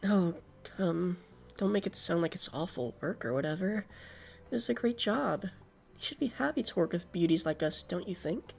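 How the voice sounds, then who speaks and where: A man's voice: sits high, animated, moderate pace, creaky, soft background music. A man voicing a bratty, haughty young man who sees himself as a girl, in a game reading.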